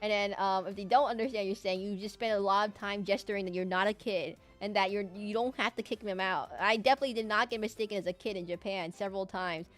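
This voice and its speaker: A woman's voice: medium pitch, steady tone, quick pace, few pauses, faint music behind. Rambling young woman art streamer. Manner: rambling, self-deprecating, chatty. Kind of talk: casual chat while drawing live.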